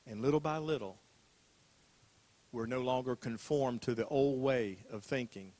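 A man's voice: mid-range voice, a little slow, pauses often, darkish tone. An older man preaching a sermon as a pastor, talking in a conversational way, repeating phrases and asking rhetorical questions.

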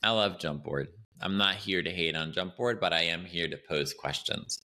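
Man with a very bright, sharp voice. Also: sits low, normal speed. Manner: animated and chatty, often tags lines with "right?". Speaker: podcast host and Pilates educator. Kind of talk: casual educational podcast talk.

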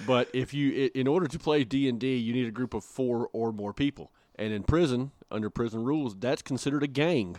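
A man's voice: mid-range voice, moderate pace, darkish tone, no room sound. A man co-hosting a podcast in casual, joking chat, with frequent filler words. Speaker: podcast co-host.

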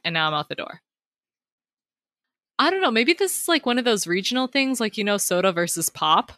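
Bright-voiced chatty young woman. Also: fairly low pitch, dry recording. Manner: chatty, many "like" fillers, upbeat. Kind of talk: casual book review chat.

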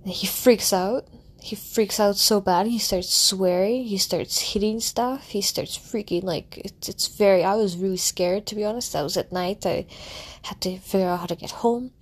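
A young woman, a content creator, tells a candid, reflective personal story in a loose, rambling way, full of fillers and restarts. She speaks at a moderate pace in a mid-range voice.

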